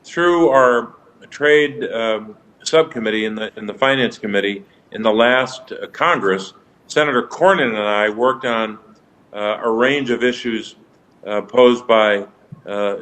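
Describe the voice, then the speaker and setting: A man, a senator joining remotely, making formal, deliberate remarks to a nominee at a hearing. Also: medium pitch, fairly bright tone, rough recording. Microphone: remote video link.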